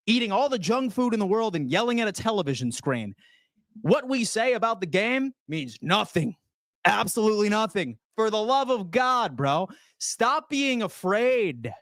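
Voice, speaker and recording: A man's voice: high voice, no room sound, studio quality. Fired-up man ranting about football. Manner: loud, profane, fired-up ranting. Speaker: sports channel host. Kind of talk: fan rant reading chat.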